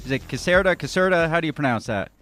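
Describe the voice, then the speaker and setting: A man's voice: a little high, animated, quick pace, fairly bright tone, soft background music. A man hosting a podcast in a loose, joking way, chatting and laughing with a guest. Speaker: podcast host. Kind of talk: casual podcast chat.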